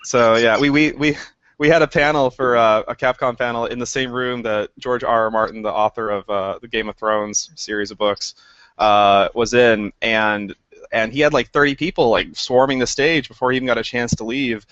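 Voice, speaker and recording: A man's voice: mid-range voice, fairly even intonation, moderate pace, a bit bright, dry recording. Man, game director guest, casual rambling talk, self-deprecating chuckles, dry close sound, slightly dull audio. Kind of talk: casual interview chat.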